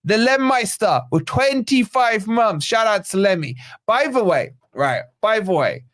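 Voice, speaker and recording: A man's voice: sits high, very animated, measured pace, a bit bright, no room sound, studio quality. A man hosting a live football watch-along, bantering and reading viewer comments aloud. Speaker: host of a football fan channel watch-along.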